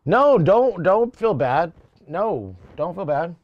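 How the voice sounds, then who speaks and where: A young man chats casually on a live music-production stream. He rambles, swears and laughs at his own jokes. His voice sits fairly high, and the sound is dry and close. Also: sing-song, takes it slowly, no echo, highs cut off. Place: home studio.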